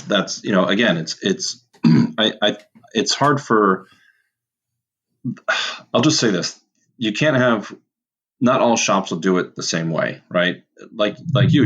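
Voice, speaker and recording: A man's voice: fairly low pitch, animated, unhurried, a bit bright, highs cut off. A man who owns an auto repair shop, a guest on a podcast, talking casually. He often restarts his sentences and acts out his talks with customers.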